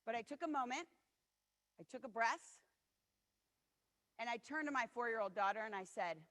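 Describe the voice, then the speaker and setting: A little high and fairly bright, this woman's expressive voice keeps a normal speed but leaves long pauses. She's in her forties, a keynote speaker telling earnest personal stories to motivate, acting out others' words. The hall adds a long reverb.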